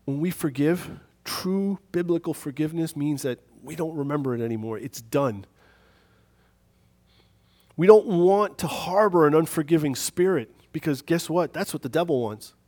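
A man's voice: a little high, moderate pace, darkish tone. A man preaching a sermon on forgiveness in a conversational, self-deprecating way, telling a story on himself.

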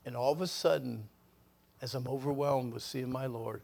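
An older man preaching a sermon with a personal story, animated, his voice surging loud and dropping to near whispers. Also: mid-range voice, moderate pace, gravelly.

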